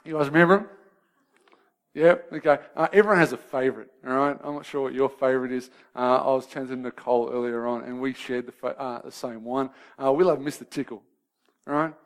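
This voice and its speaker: A man's voice: mid-range voice, brisk. A man, preaching a sermon in a conversational way and often checking in with his listeners. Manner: shifts from lively banter to soft, grave questions.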